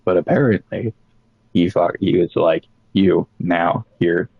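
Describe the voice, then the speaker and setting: A young man casually telling a rambling, profane story about old jobs, animated as he quotes people. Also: low voice, measured pace, vocal fry, breathy edge, no room sound, phone-quality sound.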